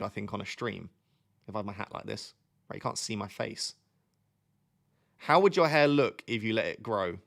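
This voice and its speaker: Gravelly young man chatting on a live stream. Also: medium pitch, fairly bright tone. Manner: joking, reads chat aloud. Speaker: FPL streamer. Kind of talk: casual live-stream chat.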